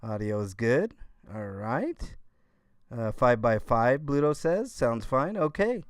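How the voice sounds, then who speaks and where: A man hosting a casual live-stream chat show, talking in a low-key, mumbling way as he reads chat and fixes his audio. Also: very animated, slow pace, dry recording, clean studio sound. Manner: low-key, mumbling, talks to himself while fixing audio. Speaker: livestream host.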